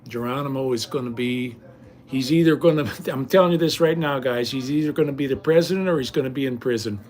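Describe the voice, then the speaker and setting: A man's voice: medium pitch, quick pace, darkish tone. An older man chatting casually to his viewers, folksy and rambling, often restarting his sentences. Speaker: vlogger.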